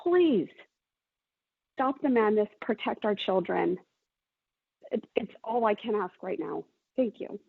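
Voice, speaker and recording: A woman's voice: mid-range voice, unhurried, vocal fry, no echo. A woman giving an emotional, pleading public comment at a council meeting. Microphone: phone call. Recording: tinny phone line.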